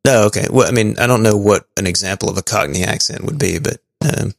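A man with a gravelly, fry-tinged voice co-hosts a podcast, reading through listener messages. He talks in a loose, stumbling way, thinking aloud and chuckling now and then. The sound is dry and close. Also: lowish voice, quick pace, dry recording. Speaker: podcast co-host.

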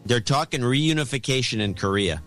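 A man's voice: medium pitch, lively intonation, moderate pace, creaky, fairly bright tone, soft background music. A man co-hosting a podcast in casual chat, emphatic and given to little rants. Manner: emphatic, ranting. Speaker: podcast co-host.

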